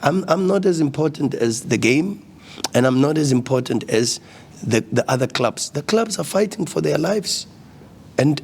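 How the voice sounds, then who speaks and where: A man's voice: fairly high pitch, gravelly, darkish tone. A man, a football coach speaking at a post-match press conference, passionate and repeating words when agitated. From South Africa.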